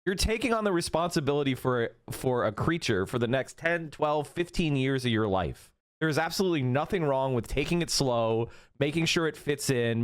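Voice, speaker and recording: A man hosting a stream, giving heated, mocking reaction commentary full of swearing. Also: a little high. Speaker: stream host reacting to clips.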